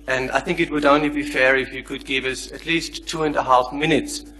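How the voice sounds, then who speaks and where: A man's voice: mid-range voice, steady tone, fairly quick, pushed and bright, faint music behind, poor audio. A man in the audience putting a long question, polite but persistent, reading scripture aloud. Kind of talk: formal question from the floor.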